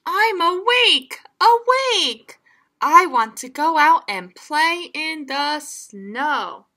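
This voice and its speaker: A woman voicing an eager, excitable little boy frog in a storybook read-aloud, his lines high and shouted. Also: extremely slow, heavily acted. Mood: excited.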